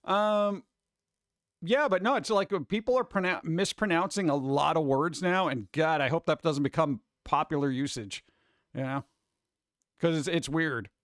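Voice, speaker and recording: A man's voice: on the high side, moderate pace, fairly bright tone, no room sound, studio quality. A man hosting a live stream, chatting casually and reading chat aloud in a rambling, jokey way with muttered asides.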